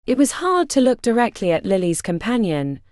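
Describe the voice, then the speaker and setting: A woman narrating a fantasy audiobook in an expressive, dramatic reading style. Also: fairly high pitch, moderate pace, dry recording, clean studio sound.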